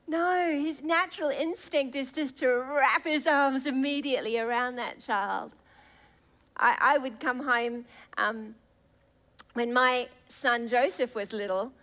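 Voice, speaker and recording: A woman, preaching a fervent sermon, slowing and stretching words for emphasis as she acts out prayers. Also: a little high, pushed and bright.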